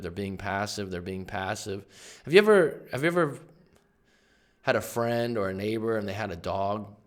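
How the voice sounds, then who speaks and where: A man with a fairly low voice gives casual, emphatic commentary as a life coach. He talks conversationally, now and then jumping into loud bursts to drive a point home. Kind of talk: casual explanatory book commentary.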